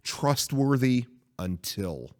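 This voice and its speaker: A man's voice: mid-range voice, sing-song, slow. A man co-hosting a casual podcast, telling a rambling story with frequent swearing. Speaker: podcast co-host.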